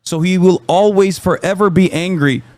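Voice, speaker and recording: A man's voice: sits high, moderate pace, darkish tone, no room sound. A man live-streaming, ranting about chat trolls in heated, profane, sarcastic commentary.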